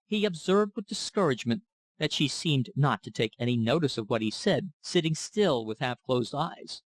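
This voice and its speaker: A man reading a classic novel as an audiobook narrator, in a steady, even-paced manner on a close mic. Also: medium pitch, normal speed, no room sound.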